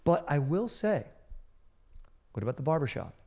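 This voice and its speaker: A man's voice: a little high, sing-song, moderate pace, a little mellow. A man in his thirties co-hosting a comedy podcast, chatting casually with a playful, mock-solemn delivery. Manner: playful, mock-solemn, drifts into quoted bits. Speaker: podcast co-host.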